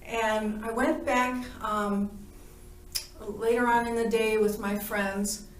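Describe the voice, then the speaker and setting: A woman tells the story of her near-death experience in an animated, playful way, laughing often and acting out the conversations. Her voice is on the high side with a flat delivery and slow pace, recorded roomy and from a distance with slight background noise.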